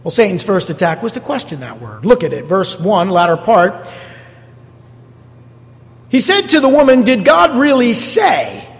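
High-voiced man preaching in a reverberant church. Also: very animated, moderate pace, pauses often. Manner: emphatic, repeats key phrases, asks the congregation rhetorical questions. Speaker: pastor. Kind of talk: sermon. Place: church sanctuary. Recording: long church hall reverb.

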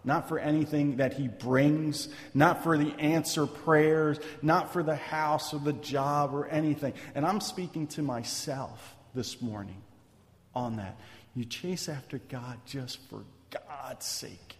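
A man preaches slowly to his congregation, and his voice sits a little high. He talks in a loose, conversational way, tossing in "right?" and "man". His voice rings with the long reverb of a church hall. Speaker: pastor. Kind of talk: sermon.

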